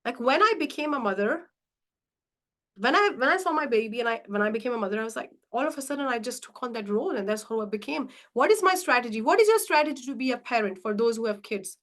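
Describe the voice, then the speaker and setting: Female mindset coach, live session, emphatic and questioning, slightly higher voice. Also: fast. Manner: animated, challenging rhetorical questions; acts out inner voices dramatically.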